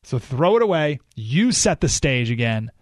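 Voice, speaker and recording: A man's voice: mid-range voice, sing-song, moderate pace, dry recording. A man hosting a radio talk show, giving an emphatic, opinionated monologue full of rhetorical questions, recorded in a studio.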